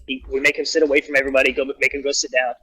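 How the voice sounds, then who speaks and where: Man, casual rambling storyteller, middle pitch, dry sound. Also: flat delivery, rapid-fire, pushed and bright, breathy edge, dry recording, rough recording. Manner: rambling anecdote with acted-out quotes and restarts. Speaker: guest storyteller.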